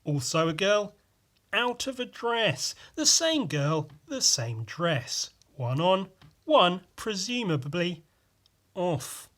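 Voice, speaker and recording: A man putting on the voice of a pompous British TV news reporter, slow and stiff in cadence. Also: high-pitched, very animated, fairly bright tone, voice pushed up, full character voice. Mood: mock-serious.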